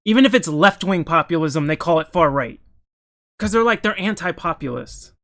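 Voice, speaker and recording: A man's voice: fairly high pitch, lively intonation, moderate pace, a bit bright. A man giving casual political commentary while reacting to news articles, opinionated and heated, often restarting his sentences mid-thought.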